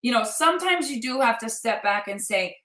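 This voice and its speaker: A woman's voice: a little high, lively intonation, brisk, a bit bright, reverberant. A middle-aged woman and life coach giving an emphatic motivational talk, repeating her points for effect.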